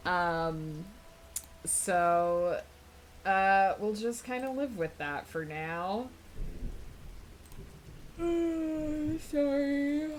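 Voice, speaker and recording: A woman's voice: on the low side, extremely slow, slight background noise. A young adult woman chatting casually on a live stream while she writes, rambling and full of fillers.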